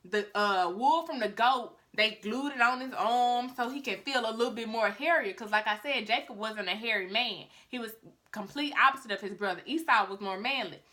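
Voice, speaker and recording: A woman's voice: fairly high pitch, moderate pace, bright, forceful tone. A woman vlogger retelling a Bible story in a chatty, casual way, talking straight to her viewers.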